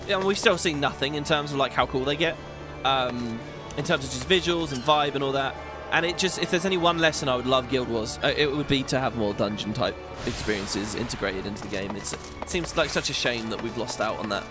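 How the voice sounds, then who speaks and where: A man's voice: mid-range voice, fairly quick. A man hosting a casual gaming video, chatting and rambling as he plays and sometimes laughs. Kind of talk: casual let's-play commentary. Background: game music.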